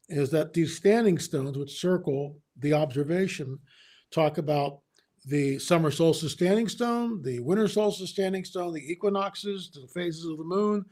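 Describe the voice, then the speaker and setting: A man as an interview guest, telling a story in an animated way, often restarting his sentences. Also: fairly high pitch. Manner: animated, re-enacts dialogue, frequent restarts.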